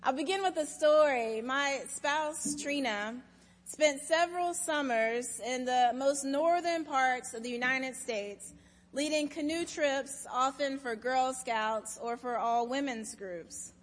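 High-voiced woman preaching slowly. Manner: storytelling, measured and expressive. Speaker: pastor. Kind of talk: sermon. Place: church sanctuary. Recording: reverberant church sanctuary.

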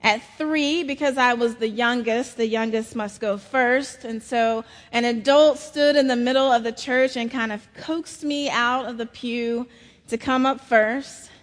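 Woman preacher, middle-aged, slow unhurried storytelling, slightly high voice, long church reverb. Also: steady tone. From South Carolina, US. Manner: slow, storytelling sermon delivery. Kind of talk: sermon. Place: large church.

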